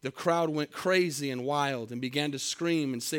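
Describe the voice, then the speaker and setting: Pastor delivering a story sermon; a man with a somewhat high voice, dramatic and dynamic. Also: moderate pace, hardly any pauses, smooth. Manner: dramatic, swinging between soft and loud, with restarts.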